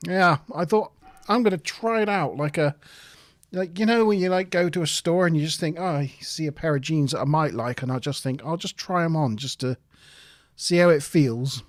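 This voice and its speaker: A man's voice: fairly high pitch, moderate pace, no room sound, clean studio sound. A man co-hosting a live stream, chatting casually and self-deprecatingly, laughing often. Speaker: podcast co-host.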